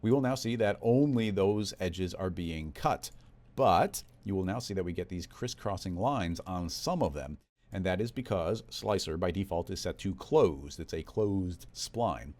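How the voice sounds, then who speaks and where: A man walking through a software tutorial in a relaxed, conversational step-by-step way. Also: sits low, unhurried. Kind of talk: screen-recorded software tutorial.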